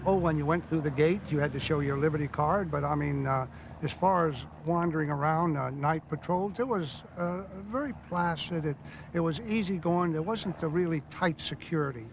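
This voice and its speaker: An older veteran recalling the past in loose, rambling speech with fillers. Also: male voice, a little high, lively intonation, normal speed, gravelly, noisy background. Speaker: veteran interviewee. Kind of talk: casual recollection.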